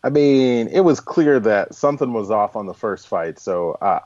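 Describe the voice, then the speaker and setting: A man's voice: on the low side, lively intonation, normal speed, a little mellow, dry recording, lo-fi sound. A man co-hosting a casual combat sports podcast, blunt and teasing in tone. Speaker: podcast co-host.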